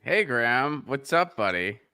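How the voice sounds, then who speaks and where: A man's voice: mid-range voice, sing-song, unhurried, bright, forceful tone, smooth, no room sound, clean studio sound. A man co-hosting a comedy game show, trading laid-back jokes with the host. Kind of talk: casual banter.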